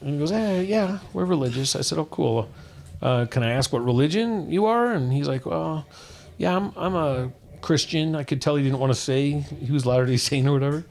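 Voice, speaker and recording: A man's voice: fairly high pitch, a little fast, vocal fry, darkish tone. A middle-aged man from Utah, co-hosting a podcast and telling a personal story in an earnest, rambling way, full of restarts. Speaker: podcast co-host. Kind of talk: casual chat, personal story.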